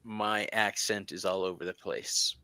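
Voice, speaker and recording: A man hosting a live tarot stream, joking and laughing often in an animated way. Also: lowish voice, unhurried, smooth, no room sound. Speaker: tarot reader and stream host. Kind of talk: livestream tarot chat.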